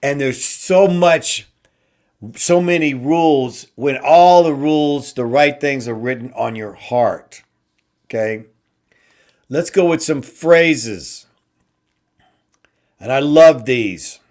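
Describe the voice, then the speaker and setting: A man hosting an inspirational talk show, slowly repeating simple phrases with emphasis. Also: medium pitch, darkish tone. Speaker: host.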